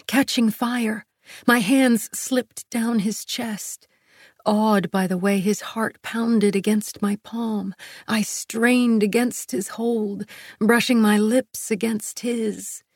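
A woman narrating a sensual first-person audiobook, soft and intimate, often near a whisper. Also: on the high side, husky, dry recording, clean studio sound.

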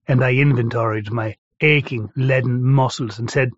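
A man reading a first-person story aloud in a steady, measured way. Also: medium pitch, dry recording. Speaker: narrator. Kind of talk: first-person audiobook narration. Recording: dry, slightly dull recording.

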